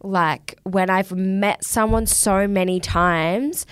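A young woman co-hosting a podcast, chatting in a relaxed way with long, easy phrases. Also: medium pitch, takes it slowly, smooth, dry recording, clean studio sound. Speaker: podcast co-host. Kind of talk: casual chat.

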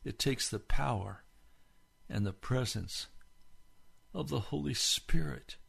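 A man's voice: medium pitch, takes it slowly, vocal fry, a bit bright, slightly rough. A middle-aged man, a pastor, preaching a sermon with fervent rhetorical questions to his listeners.

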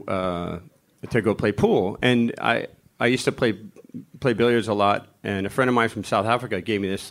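A middle-aged man, a guest on a live podcast, telling a story in an animated way, with frequent laughter. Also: fairly low pitch.

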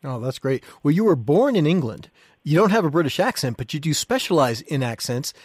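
Animated podcast co-host, dry sound. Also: male voice, fairly high pitch, fairly quick, slightly rough, dry recording. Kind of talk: podcast hosting.

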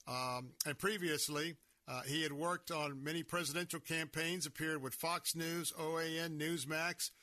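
A man's voice: fairly high pitch, pushed and bright, no room sound. A man hosting a conservative talk radio show from a studio, speaking emphatically and sounding worked up. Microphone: studio microphone.

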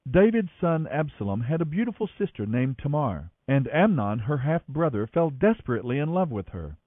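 A man narrating a Bible passage in an expressive, scripted reading as host of a daily reading podcast. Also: a little high, fairly quick, no echo. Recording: tinny phone-like audio, dry.

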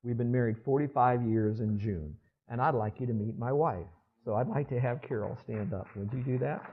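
A man's voice: mid-range voice, moderate pace. A man in his sixties, a pastor preaching a sermon and often asking the congregation to respond. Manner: conversational, asks the congregation for responses. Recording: dull lo-fi sermon recording.

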